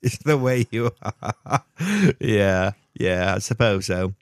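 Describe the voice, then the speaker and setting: A male radio presenter with an animated, swooping delivery that rises and falls as he talks. He banters and laughs easily with his co-host, and the studio sound is dry and close. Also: on the low side, slow pace, no room sound. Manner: lively, laughs often, teasing.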